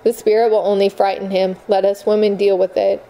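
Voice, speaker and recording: A woman reading an audiobook, voicing an old grandmother who speaks steadily with calm authority. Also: medium pitch, fairly quick, clean tone, close to an everyday voice, low-quality recording. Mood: grave calm.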